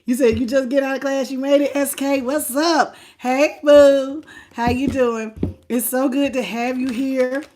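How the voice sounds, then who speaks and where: A woman with a hoarse, laryngitis-worn voice hosting a live tarot stream, chatting casually and familiarly with viewers and calling them baby and boo. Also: high-pitched, fairly even intonation, mellow. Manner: unhurried and chatty, laughing often.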